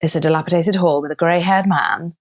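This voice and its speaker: A woman's voice: lowish voice, steady tone, brisk. A woman from Wales retelling an old legend on a podcast, laughing often and slipping into playful quoted voices. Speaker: guest storyteller.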